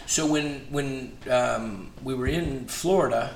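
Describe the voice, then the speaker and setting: Speaking slowly with vocal fry, a man with a mid-range voice appears as a guest in a conversation, telling stories animatedly and performing the quoted dialogue. The recording has echo and faint noise.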